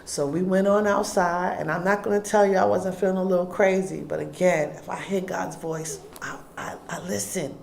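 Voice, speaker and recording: A middle-aged woman, a guest telling a personal story in an interview, acting out dialogue and swinging between hushed and loud. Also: fairly low pitch, steady tone, moderate pace, gravelly, hardly any pauses. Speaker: guest, food business owner. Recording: echoey room.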